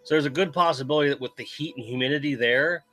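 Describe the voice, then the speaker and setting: A man hosting a relaxed, chatty stream while unboxing toys and answering chat messages. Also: mid-range voice, fast talker. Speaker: host. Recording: faint background music.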